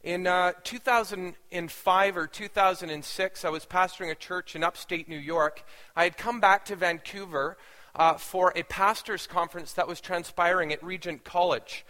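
A man's voice: sits high, fairly even intonation, normal speed, pushed and bright, long reverb tail. A man, a pastor, telling a story in a sermon in an earnest, dramatic way.

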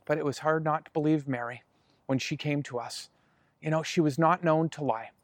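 A man's voice: fairly high pitch, steady tone, normal speed, no room sound, lightly acted. A man playing an earnest male disciple, speaking straight to the audience in a chatty first-person monologue. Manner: conversational, earnest, addresses listeners directly.

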